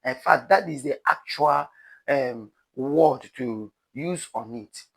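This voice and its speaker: A man's voice: medium pitch, slow, gravelly, breathy edge. A man with a Nigerian accent giving dramatic, pleading commentary to his viewers as a news vlogger. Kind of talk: animated commentary to camera.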